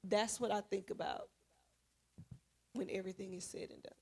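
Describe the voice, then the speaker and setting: A woman speaks earnestly at a church Bible study and tells a personal story from her teaching work. She keeps it animated and conversational and slips into the voices of the people in her story. Her pitch sits in the middle. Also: normal speed, gravelly, slight background noise. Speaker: schoolteacher sharing at a Bible study.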